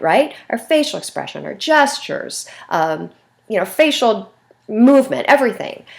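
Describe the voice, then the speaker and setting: Woman instructor, video lecture, lively swooping pitch, expressive, acts out conversations. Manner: animated, expressive, talks with her hands; acts out phone calls in lively voices. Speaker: communication instructor.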